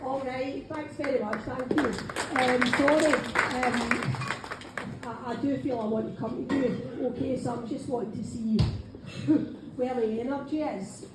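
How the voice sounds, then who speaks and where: A woman's voice: sits high, steady tone, a little slow. A Scottish woman working as a medium at a live demonstration, chatty, often saying "right, okay" and calling people darling. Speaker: spiritual medium. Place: function room of a local pub. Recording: very echoey room, faint background noise.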